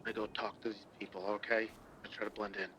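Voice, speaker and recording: A man's voice: fairly low pitch, level tone, fast talker, noisy background. A man role-playing an undercover officer in a game, reporting back plainly. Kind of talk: in-character role-play chat.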